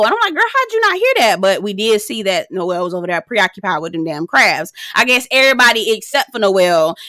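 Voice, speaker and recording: A woman, sassy and animated, recapping a reality show in a casual vlog, swearing freely. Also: no echo, studio quality. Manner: sassy, animated, swears freely, slips into high-pitched impressions.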